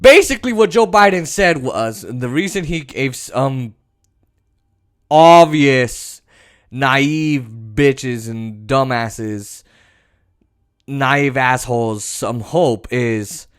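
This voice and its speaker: A man's voice: mid-range voice, very animated, takes it slowly, a bit bright. A man hosting a political commentary podcast, ranting and swearing as he mocks the people he talks about. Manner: ranting, profane, mocking. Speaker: podcast host.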